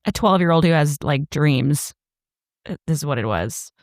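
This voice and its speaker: A woman's voice: sits low, expressive, moderate pace, no room sound, clean studio sound. A woman co-hosting a podcast in casual chat, laid-back and amused. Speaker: podcast co-host.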